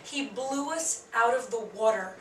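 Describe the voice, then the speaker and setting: A woman from the production team, telling a story with brisk enthusiasm. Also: fairly high pitch, a bit bright. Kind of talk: post-show interview. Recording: roomy, from far off, light noise.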